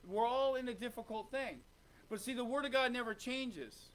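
A male pastor preaching with fervent call-and-response energy, firing questions at the congregation. His voice sits high and sounds bright and forceful. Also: moderate pace. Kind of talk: sermon. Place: church sanctuary.

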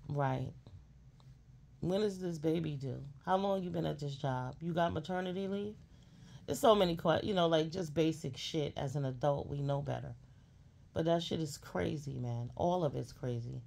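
Woman commentator, gravelly fry, blunt and scolding, profane rant. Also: low voice, moderate pace, darkish tone. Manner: blunt, scolding, sassy, heavy cursing. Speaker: commentary streamer.

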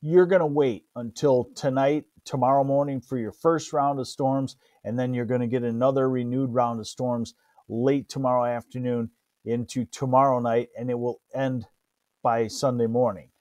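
A man's voice: mid-range voice, fairly even intonation, normal speed, darkish tone, no room sound. A man with a Midwestern American accent giving a casual live weather forecast as a meteorologist, greeting viewers by name along the way.

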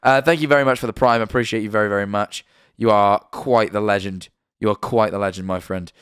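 A man's voice: on the low side, quick pace, clean tone, no echo, clean studio sound. A British man hosting a livestream, chatting casually, swearing now and then and reading out subscriber names. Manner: chatty and animated, swears, stumbles over names. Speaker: livestream host.

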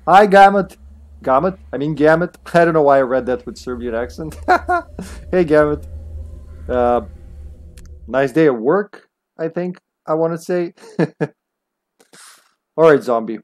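A man live-streaming a video game, chatting casually, laughing often and greeting viewers loudly by name. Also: a little high, slow pace, pauses often.

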